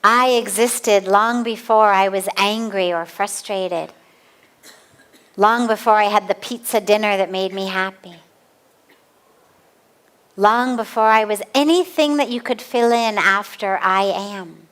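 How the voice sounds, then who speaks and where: A woman spiritual teacher giving a calm, deliberate spiritual discourse in an outdoor garden. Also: mid-range voice.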